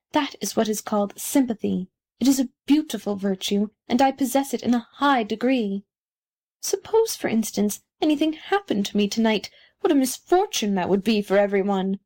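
A woman's voice: a little high, darkish tone. A woman doing a pompous, conceited rocket. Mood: indignant. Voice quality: haughty, self-important.

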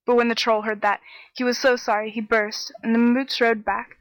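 A woman narrating a fairy tale in a steady, measured storytelling voice. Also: on the high side, no echo, rough recording. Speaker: audiobook narrator.

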